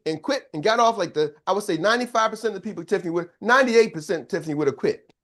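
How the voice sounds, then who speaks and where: A man's voice: sits high, animated, racing. An older man giving a motivational business coaching talk, emphatic and preacher-like, often checking in with his listeners.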